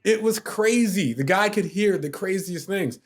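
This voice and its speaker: A man's voice: sits high, expressive, unhurried, slight background noise. A middle-aged man telling a story as a podcast guest, acting out quotes and sound effects as he goes. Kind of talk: casual storytelling.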